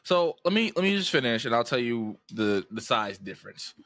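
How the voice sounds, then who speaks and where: Animated, slangy young man joking around. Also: medium pitch, normal speed, no echo. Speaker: podcast co-host. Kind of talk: casual comedic chat.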